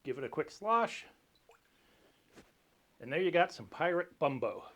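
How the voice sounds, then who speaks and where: A man hosts a casual cocktail tutorial, talking through history and recipes. His voice sits a little high. He keeps a dry, lightly joking tone. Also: very animated, measured pace, a bit bright. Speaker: cocktail show host.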